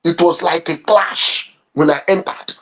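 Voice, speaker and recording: A fervent man with a husky, raspy tone and a high voice for a man. He delivers impassioned commentary, repeats phrases and stumbles over restarts as he pushes his point. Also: steady tone, unhurried, a bit bright. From Nigeria. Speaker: online commentator.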